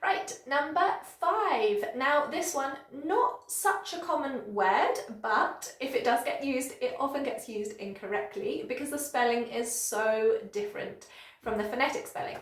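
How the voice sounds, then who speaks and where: A woman English teacher giving a pronunciation lesson, modelling words slowly and clearly and praising the learner. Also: high-pitched, expressive, fairly bright tone, reverberant. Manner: slow, exaggerated modelling of words with encouraging praise.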